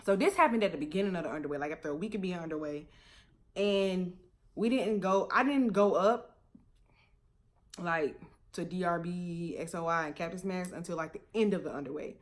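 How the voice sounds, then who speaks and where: A young woman in a casual storytime vlog, talking in a slightly low voice. She tells it in an animated way, laughs a lot and swears without a second thought. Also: normal speed. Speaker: vlogger.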